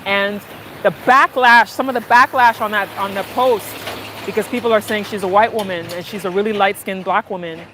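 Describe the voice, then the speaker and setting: A woman's voice: medium pitch, a little fast, noisy background. Woman chatting on a car ride. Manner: animated storytelling, acting out market sellers and her mother. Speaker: vlogger. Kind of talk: casual chat while riding in a car. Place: inside a moving car.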